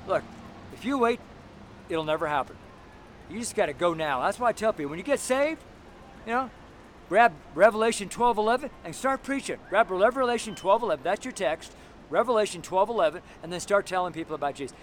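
A tired man preaching loudly and bluntly on a city street, speaking to passers-by. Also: sits high, animated, fast talker. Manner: loud, blunt and fervent, talking to passers-by. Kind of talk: outdoor street sermon. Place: city street with walls around. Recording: faint city street noise. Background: traffic and street noise.

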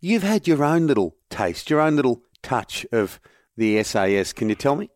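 A man's voice: medium pitch, very animated, normal speed, darkish tone, no room sound. Jokey man hosting a sports podcast. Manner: jokey, teasing. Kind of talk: casual chat.

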